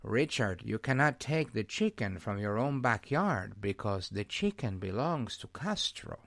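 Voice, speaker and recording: A man voicing an older male professor friend, stern and gruff. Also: fairly low pitch, big pitch swings, a little slow, a bit bright, dry recording, clean studio sound, voice pushed down, full character voice.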